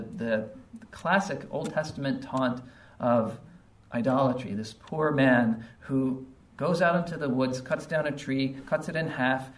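A man's voice: medium pitch, reverberant, recorded from a distance. A man preaching a sermon, emphatic and sarcastic, acting out mocking taunts.

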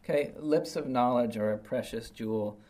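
A man's voice: medium pitch, moderate pace, dark tone. A man teaching an informal Bible study lesson. He talks in a plainspoken way, explains each verse with everyday examples and keeps checking in with "right?" and "okay?".

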